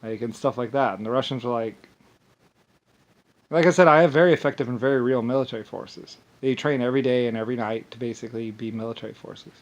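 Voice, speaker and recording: A man's voice: medium pitch, fast. Rambling, profane man ranting. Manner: rambling, profane, repetitive, with frequent restarts and loud angry outbursts. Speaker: video monologue speaker. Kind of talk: rambling monologue.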